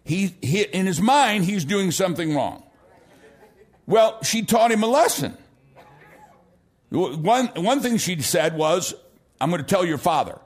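A middle-aged American pastor preaching in a notably high voice. He tells his stories with animation and breaks into shouts to drive a point home. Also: takes it slowly, pauses often. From United States. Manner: animated storytelling, bursts into shouts for emphasis. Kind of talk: sermon.

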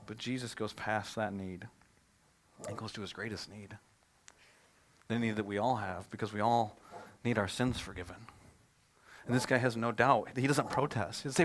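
A man, a pastor, preaching a sermon in a conversational, animated way, telling stories and asking rhetorical questions. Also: mid-range voice, moderate pace, pauses often, slight background noise.

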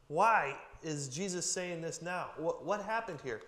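A man's voice: fairly high pitch, animated, slow, a bit bright. A man preaching a casual, joking sermon to a group, with chatty asides. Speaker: pastor. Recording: long hall reverb.

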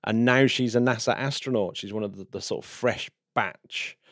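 A man co-hosting a podcast in casual chat, chatty and self-deprecating, quick to laugh. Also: on the low side, no echo, clean studio sound. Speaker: podcast co-host.

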